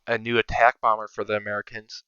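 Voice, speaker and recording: A man's voice: on the low side, completely flat delivery, quick pace, bright, forceful tone, smooth, no room sound, dull audio. A man giving casual, think-aloud commentary over his own strategy game, sometimes counting under his breath. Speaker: strategy game video creator.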